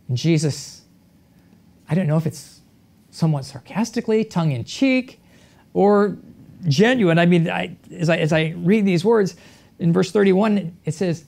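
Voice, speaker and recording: A pastor preaching a sermon in a measured way, with rhetorical questions and repeated phrases. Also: medium pitch, animated, vocal fry, darkish tone.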